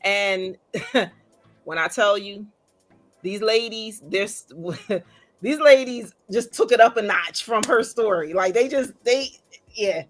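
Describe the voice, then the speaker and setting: A woman's voice: mid-range voice, takes it slowly, soft background music. Emotional, laughing woman host. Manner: emotional, laughing, acts out excited reactions. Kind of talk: casual chat.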